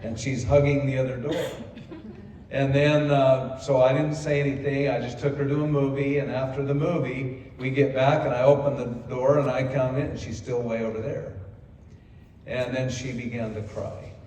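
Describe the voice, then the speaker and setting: Hoarse older man in echoey hall. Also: medium pitch, little pitch movement, normal speed, dark tone, distant mic. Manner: folksy, self-deprecating storyteller. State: hoarse from speaking. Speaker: company co-founder giving a convention speech. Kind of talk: personal storytelling speech. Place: large convention hall.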